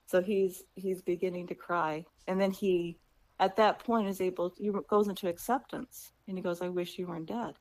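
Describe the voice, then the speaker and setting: A woman author in an interview, retelling her book's plot in a lively, conversational way and often checking in with "right?". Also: lowish voice, normal speed. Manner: animated storyteller, acts out characters' lines. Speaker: author guest.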